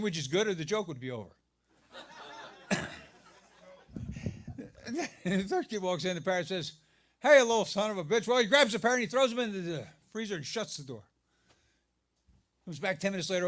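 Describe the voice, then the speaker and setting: A man's voice: sits high, animated, brisk, pauses often, fairly bright tone. A man doing a stand-up comedy set, telling a long joke in a rambling, self-interrupting way. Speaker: stand-up comic. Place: live comedy venue.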